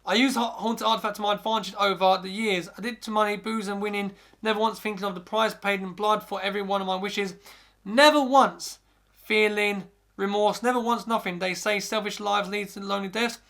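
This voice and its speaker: Man, high voice, gravelly fry, reading a scary story, frequent restarts. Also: little pitch movement, fast talker, hardly any pauses, pushed and bright. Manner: first-person narration with frequent stumbles and restarts. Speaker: podcast host.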